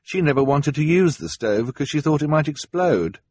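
A man's voice: a little high, lively intonation, normal speed, a little mellow, voice pushed up. A man voicing a resourceful teenage girl inventor, the eldest sister, earnest, practical and encouraging.

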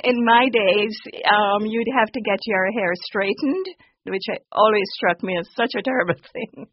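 A woman talks about her work with warm enthusiasm and frequent laughter. Her voice sits at a mid pitch and sounds close and dry. The audio is dull and lo-fi, like a broadcast clip. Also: a little slow, no room sound. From Jamaica. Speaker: children's author. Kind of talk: radio interview answers.

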